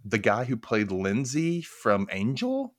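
Southern American male host, chatty and rambling, lively pitch, dry close mic. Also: slow, no echo. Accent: Mississippi Southern American. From United States. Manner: rambling, chatty, laughs at his own jokes. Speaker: podcast host. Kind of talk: casual podcast chat.

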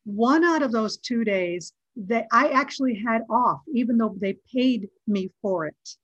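Her voice is fairly high and a little slow, with no room sound in the dull, dry recording. This middle-aged actress tells a lively story in a relaxed interview, acting out each quoted line.

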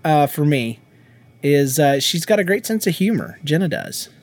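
A man's voice: on the high side, lively intonation, normal speed. Guy in his 30s on a podcast, chatty, laughs a lot, does little sing-song bits when he quotes people. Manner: laughing storyteller who acts out quotes and sings nonsense beats. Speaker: podcast co-host. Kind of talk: casual chat.

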